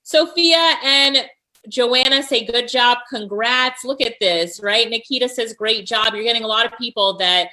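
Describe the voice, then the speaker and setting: A woman's voice: fairly high pitch, a little slow, bright, forceful tone, rough recording. A woman hosting a live stream, coaching freelancers and reading out viewer comments in an upbeat, encouraging way.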